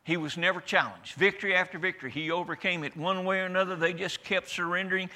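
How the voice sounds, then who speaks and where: A man's voice: high voice, steady tone, quick pace, sharp tone. A man preaching a sermon to a church congregation in a folksy, emphatic way, often asking for an amen.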